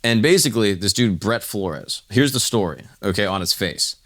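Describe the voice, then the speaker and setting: A man's voice: on the low side, expressive, normal speed, fairly bright tone. A man co-hosting a podcast, casually retelling a story with swearing and acted-out quotes. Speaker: podcast co-host.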